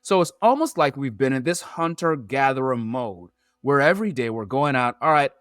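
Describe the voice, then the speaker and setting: Animated man telling stories. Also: mid-range voice, moderate pace, dry recording, faint music behind. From Nigeria. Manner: talks in metaphors and analogies, lively and emphatic. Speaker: podcast guest. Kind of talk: animated storytelling in an interview.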